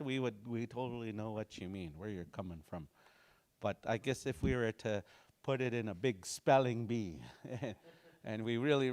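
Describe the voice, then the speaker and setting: A man teaching a language class, slowly repeating phrases to drill pronunciation, with casual, folksy explanations. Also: on the low side.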